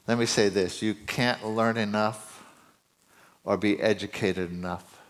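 A middle-aged male preacher giving a sermon, his voice climbing higher and louder as he gets excited. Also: unhurried. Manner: voice climbs high and loud when excited.

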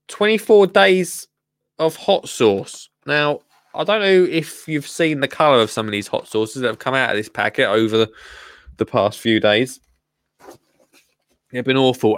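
A chatty English man hosts his show with a jokey, rambling, casual delivery. His voice sits at an ordinary middle pitch and is recorded dry and close. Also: fairly bright tone, no echo. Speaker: show host. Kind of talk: casual live show chat.

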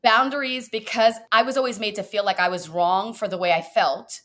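A woman coach talking in a podcast conversation, animated and expressive, acting out little quotes as she speaks. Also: mid-range voice, fairly quick. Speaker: guest coach.

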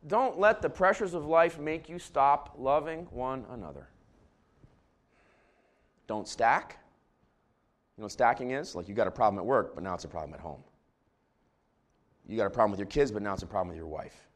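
A man's voice: mid-range voice, lively intonation, fast talker. A man who is a pastor, preaching a conversational sermon to a large congregation with joking asides. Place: church before a large congregation.

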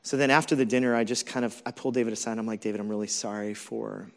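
A man's voice: fairly low pitch, little pitch movement, fast, gravelly. A man in his forties, a pastor, preaching a sermon in a candid, conversational storytelling way with many fillers.

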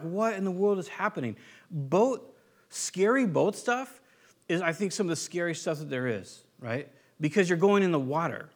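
A man from the United States preaches in a loose, conversational way, circling back and restarting his sentences as he tells stories. His voice sits a little higher than most men's. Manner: conversational storytelling with frequent restarts. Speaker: pastor. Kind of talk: sermon.

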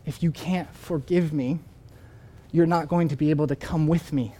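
A soft-spoken, earnest brother asking for forgiveness, as a preacher acts him out. The voice is quiet and mellow. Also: male voice, fairly high pitch, steady tone, moderate pace, natural voice.

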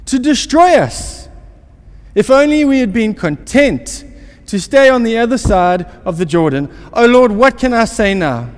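A high, whining man begging and complaining to God, his voice pitched well above normal and loud with self-pity, as a preacher acts him out. The lines ring through a hall with a long reverb tail. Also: heavily acted. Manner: whiny, pleading, high-pitched. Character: whining anxious grown man pleading with God. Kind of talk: sermon with acted scripture.

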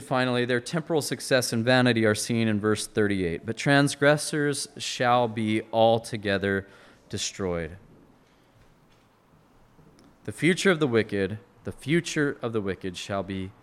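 A man's voice: mid-range voice, expressive, measured pace, clean tone. Earnest preacher man delivering a sermon. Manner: earnest expository preaching, rising to emphatic peaks; frequent restarts and repeated words.

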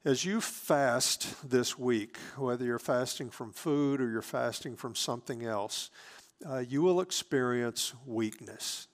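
A man preaching a sermon as pastor, earnest, moving between emphatic lines and hushed, near-whispered asides. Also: mid-range voice, takes it slowly.

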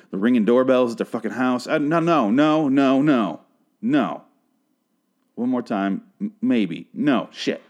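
Sarcastic ranting podcast man, dark voice. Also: fairly low pitch. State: frog in his throat. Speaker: podcast host recapping a TV episode. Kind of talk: casual solo podcast rant.

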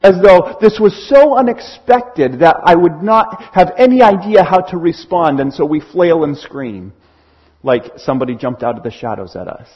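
A high-voiced man preaches with a lively, swooping delivery and a husky edge to his voice. He acts out small scenes as he makes his point. The recording sounds dull and lo-fi. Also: normal speed. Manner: animated, acts out little scenes. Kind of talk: sermon.

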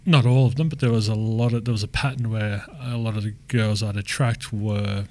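A man's voice: lowish voice, fairly quick. A man who works as a lived experience practitioner, talking reflectively in casual conversation. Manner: reflective, animated storytelling with restarts.

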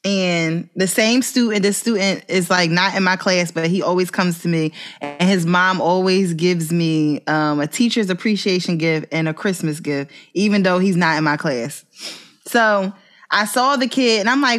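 A young adult woman, a teacher, chatting casually and telling animated stories, acting out voices and laughing often. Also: moderate pace. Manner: animated storyteller, acts out voices with big pitch jumps; laughs often mid-story. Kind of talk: casual chat.

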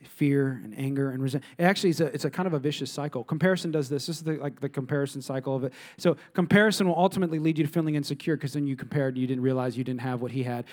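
A man's voice: medium pitch, very fast, hardly any pauses, darkish tone. A man in his thirties preaching a sermon as a pastor, emphatic, repeating key lines and asking the audience questions.

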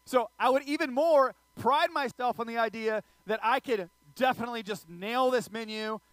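High-voiced joking male preacher, dry sound. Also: moderate pace, no room sound. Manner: animated, joking, audience asides. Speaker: pastor. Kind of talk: sermon with humorous storytelling.

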